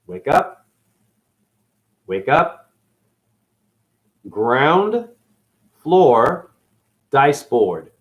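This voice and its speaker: A man at a medium pitch hosts his channel with a wandering, esoteric monologue. He hops between wordplay and abrupt shifts from loud to soft, and he calls his listeners honey.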